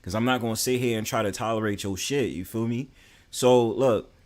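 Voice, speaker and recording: A man's voice: medium pitch, brisk. Blunt, profane man streaming. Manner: blunt, profane, restless, full of slang and restarts. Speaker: streamer host. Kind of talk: casual livestream chat.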